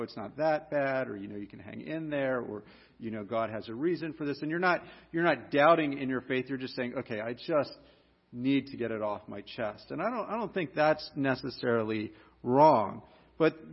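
A man's voice: mid-range voice, husky. A man preaching a sermon in an earnest voice, rising to emphatic, repeated warnings. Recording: dull sound with long hall reverb.

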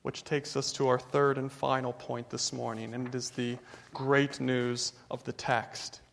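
A man preaching a sermon as pastor, moving from hushed passages to loud, fervent exhortation. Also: mid-range voice, level tone, unhurried, gravelly, slight background noise. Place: church sanctuary. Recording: long hall reverb.

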